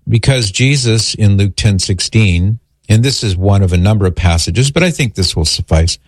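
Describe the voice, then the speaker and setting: Low-voiced man explaining earnestly. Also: moderate pace, no room sound, clean studio sound. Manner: earnest, explanatory, cites scripture. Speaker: host answering a caller's faith question. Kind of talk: call-in religious Q&A.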